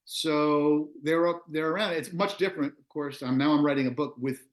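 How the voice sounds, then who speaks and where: A man's voice: a little high, moderate pace. A man in his fifties from Long Island, a musician and author, telling stories as a guest in a casual interview and laughing often. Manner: animated storyteller, laughs often. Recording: roomy echo.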